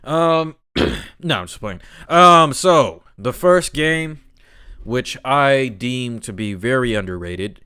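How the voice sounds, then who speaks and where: A man's voice: medium pitch, animated, slow, pushed and bright, clean tone, dry recording, clean studio sound. A man co-hosting a podcast, talking in a laid-back, rambling way full of fillers and slang. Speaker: podcast co-host. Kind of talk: casual chat.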